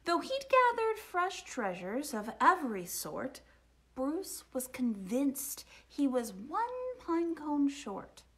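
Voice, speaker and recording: A woman reading a rhyming children's picture book aloud, expressive and sing-song, sometimes dropping to a whisper. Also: sits high, slow. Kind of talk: storytime read-aloud.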